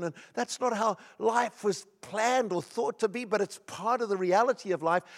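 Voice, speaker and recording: A middle-aged man preaching a sermon, telling personal stories in an earnest, emphatic way. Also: high voice. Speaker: pastor.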